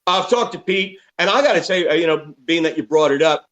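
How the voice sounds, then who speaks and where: A man's voice: a little high, fairly quick, rough recording. A man in his fifties, a rock musician telling candid, profane stories as an interview guest. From United States. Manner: profane, animated storyteller.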